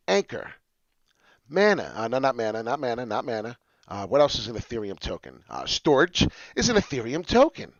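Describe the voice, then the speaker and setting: A man from New Jersey hosting a crypto livestream, talking in an animated, passionate, rambling way. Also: fairly high pitch, no echo, muffled recording. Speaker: crypto channel host. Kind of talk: casual livestream chat.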